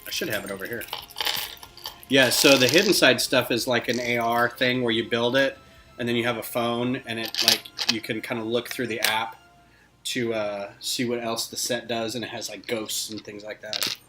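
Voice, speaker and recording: A man's voice: medium pitch, fairly even intonation, normal speed. Casual male streamer, chatty and joking, music in the background. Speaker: livestream host building brick models. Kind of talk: casual chat while building. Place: home, indoors.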